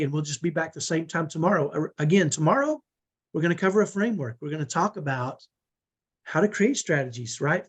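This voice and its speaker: A middle-aged man hosting a live online parenting training on a video call, earnest and emphatic, often tagging on "right?". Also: fairly high pitch. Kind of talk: live webinar talk.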